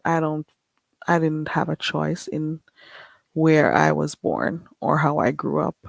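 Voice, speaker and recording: A woman's voice: sits low, gravelly, no room sound. A woman with a Caribbean accent, chatting bluntly and casually with viewers as a livestream host. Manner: blunt, chatty, frequent laughs. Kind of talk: casual live-stream chat.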